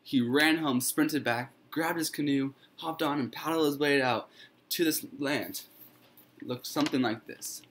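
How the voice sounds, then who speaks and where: A man's voice: on the high side, measured pace, fairly bright tone, slight background noise. A man telling a fairy tale he made up, in a loose, informal way with fillers and restarts. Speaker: student storyteller.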